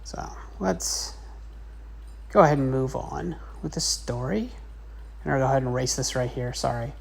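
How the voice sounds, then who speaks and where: A woman's voice: extremely low pitch, normal speed, creaky, breathy edge. A woman teacher narrating a casual drawing lesson in a chatty, rambling way. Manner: chatty, rambling, with many fillers.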